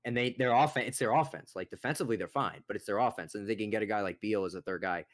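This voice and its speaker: A young man co-hosting a casual sports podcast, ranting in a profane, exasperated, animated way. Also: fairly low pitch, fast talker. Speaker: podcast co-host.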